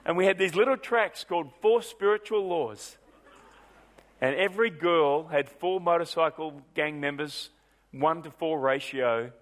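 Middle-aged male preacher, high pitched, lively storyteller from the pulpit. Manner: animated storyteller, swings from brisk to drawn out. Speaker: pastor. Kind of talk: sermon storytelling.

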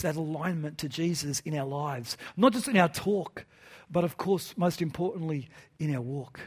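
A man preaching to his church in an earnest style, with rhetorical questions and repeated phrases. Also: high-pitched. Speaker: pastor. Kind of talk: sermon.

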